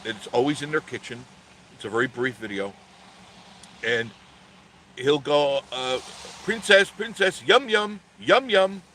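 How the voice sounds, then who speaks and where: A man's voice: mid-range voice, bright, forceful tone, a little hiss or hum. A man hosting a casual vlog, telling a story in a rambling way with many restarts and self-corrections. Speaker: channel host.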